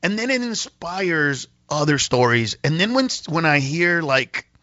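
A male comedian guest telling an animated story on a talk radio show, acting out voices and laughing often. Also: on the high side, measured pace, dry recording, highs cut off. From Mexican-American.

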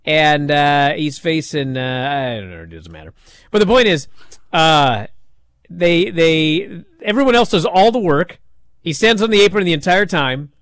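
High-voiced man rambling through a story. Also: sing-song, a little slow, fairly bright tone, clear, resonant tone, no echo. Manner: rambling storyteller with many fillers. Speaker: wrestling radio show host. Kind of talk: casual chat.

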